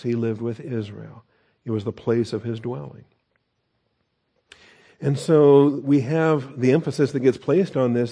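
A middle-aged pastor preaching in a relaxed, conversational way and dropping in joking asides. His voice is mellow and dark. His pitch sits in the ordinary middle range for a man. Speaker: pastor teacher. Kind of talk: sermon.

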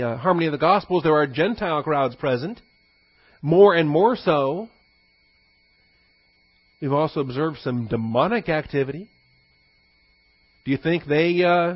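A man's voice: fairly high pitch, no echo, lo-fi sound. A man, a pastor, giving a conversational teaching sermon with frequent fillers and asides.

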